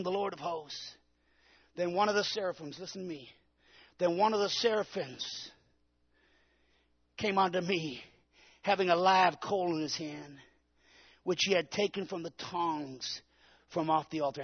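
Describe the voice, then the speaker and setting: Gravelly high-voiced man preaching loudly. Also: steady tone, normal speed, long pauses, muffled recording. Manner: preaches with rising shouts and call-and-response. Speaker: pastor. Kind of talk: Pentecostal sermon.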